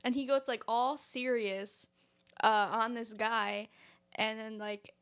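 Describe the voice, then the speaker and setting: A woman's voice: a little high, fairly even intonation, slow pace, a bit bright, smooth. A woman co-hosting a podcast, telling a story in a chatty way with many fillers. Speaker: podcast co-host. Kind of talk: casual podcast chat.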